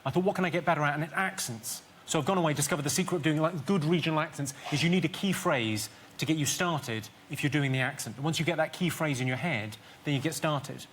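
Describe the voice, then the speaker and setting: A man's voice: a little high, quick pace, a bit bright. A man, a stand-up comedian, chatting playfully on a talk show and demonstrating things step by step. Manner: playful, teaching with repeated demonstrations. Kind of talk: jokey talk show chat. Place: TV studio. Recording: studio audience, background noise.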